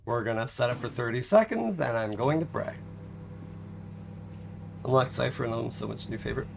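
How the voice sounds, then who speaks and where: A man's voice: medium pitch, expressive, normal speed, vocal fry, slight background noise. A man streaming a game live, chatting casually in a rambling, self-mocking way and laughing often.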